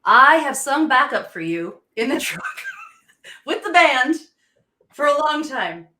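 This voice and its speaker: A woman in her thirties hosting a podcast, chatting in an excited, gushing way with frequent laughs. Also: high-pitched, measured pace, roomy sound, slight background noise. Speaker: podcast host. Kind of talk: casual interview chat.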